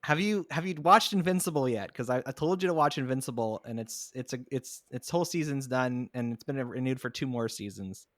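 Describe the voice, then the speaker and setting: A man's voice: medium pitch, brisk, hardly any pauses, no room sound, clean studio sound. A man hosting a podcast, chatting casually and eagerly recommending shows, poking fun at himself. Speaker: podcast host. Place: home, recorded remotely.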